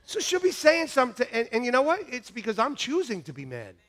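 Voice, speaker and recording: A man preaching a lively sermon in a church, laughing and repeating lines to the congregation, shouting some quotes. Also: very high voice, quick pace. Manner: shouts mock-angry quotes at peaks. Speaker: pastor.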